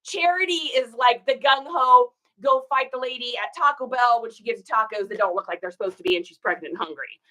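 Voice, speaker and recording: A woman's voice: a little high, brisk, few pauses, bright, forceful tone. A woman hosting a casual live stream while shipping orders, chatting folksily, telling stories and reading viewer comments aloud. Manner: folksy, says y'all.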